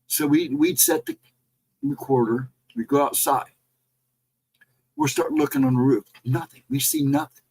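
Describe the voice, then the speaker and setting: Guy with a husky gravelly voice rambling thru a spooky story, pitch jumps all over. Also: moderate pace, pauses often, low-quality recording. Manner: animated, rambling retelling with restarts. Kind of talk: casual spoken ghost story.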